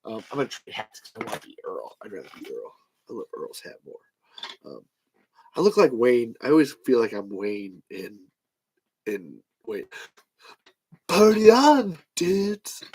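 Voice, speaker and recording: A man's voice: fairly low pitch, very animated, normal speed, vocal fry, a little mellow, breathy edge, poor audio. A man hosting a podcast in casual chat, rambling and swearing freely. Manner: rambling, profane. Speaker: podcast host.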